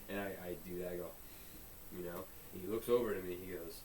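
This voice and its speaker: A man's voice: low-pitched, fairly even intonation, fast talker, a little mellow. A man co-hosting a podcast, joking around in casual chat and acting out little scenes in muttered voices. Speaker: podcast co-host. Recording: distant mic with faint hiss.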